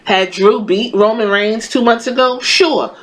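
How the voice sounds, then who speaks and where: A woman's voice: a little high, unhurried, a little hiss or hum, low-quality recording. A woman hosting a podcast, giving a casual wrestling review in a blunt, profane, exasperated and sarcastic rant. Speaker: podcast host.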